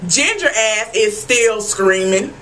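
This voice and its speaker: A woman giving an animated, profane recap of a TV episode, talking straight to her viewers. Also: mid-range voice, slow, slight background noise, rough recording. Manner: animated, profane and emphatic, addressing viewers as y'all. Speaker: TV episode reviewer. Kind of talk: casual TV recap vlog.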